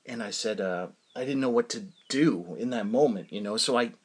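A man casually telling a personal story to his audience, rambling and halting with frequent restarts and fillers. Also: on the low side, breathy edge.

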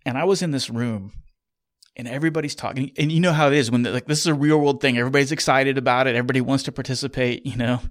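A man's voice: medium pitch, racing, dry recording, clean studio sound. A middle-aged man, a military pilot, telling a long anecdote casually, rambling and correcting himself as he goes. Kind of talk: casual storytelling.

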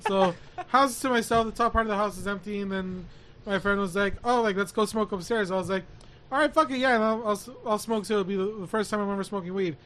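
A man on a podcast telling an animated first-person story in casual chat, swearing and acting out his own lines. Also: sits high, fast talker. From Michigan. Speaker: podcast host.

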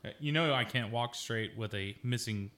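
A man's voice: medium pitch, normal speed, fairly bright tone. A man playing a tabletop game, indignant and swearing a lot. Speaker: player.

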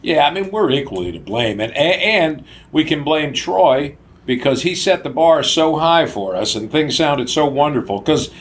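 A man's voice: on the high side, animated, moderate pace, hardly any pauses. An older man co-hosting a casual podcast, telling stories and laughing often. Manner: laughs often, acts out quoted voices. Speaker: podcast co-host. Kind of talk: casual storytelling chat.

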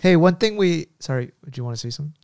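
A man's voice: a little high, expressive, racing, vocal fry, a little mellow, smooth, no echo, clean studio sound. A man in casual conversation, telling stories in a reflective, rambling way. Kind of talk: casual chat.

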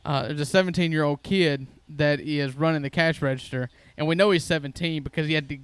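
A man's voice: a little high, fairly even intonation, brisk, clear, resonant tone, no echo. A man, co-hosting a podcast and telling folksy, jokey stories in casual chat. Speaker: podcast co-host.

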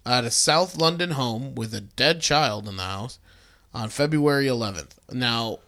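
A man's voice: medium pitch, measured pace, bright, forceful tone. A young man co-hosting a crude comedy podcast, reading out a news story and laughing mid-sentence. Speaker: podcast co-host.

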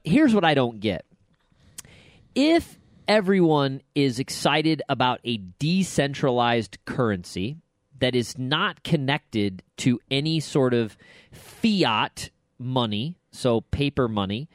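A man's voice: medium pitch, no room sound, clean studio sound. A man hosting a podcast, talking in a casual, rambling, joking way. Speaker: podcast host.

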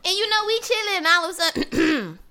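Woman, bright voice, lively pitch, podcast co-host, expressive. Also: brisk. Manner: laughing, reactive, expressive. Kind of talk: casual chat.

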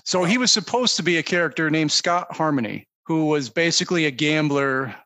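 A man's voice: on the high side, expressive, fairly quick, sharp tone, dry recording. A man co-hosting a casual movie podcast, methodically walking through the cast and production notes. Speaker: podcast co-host.

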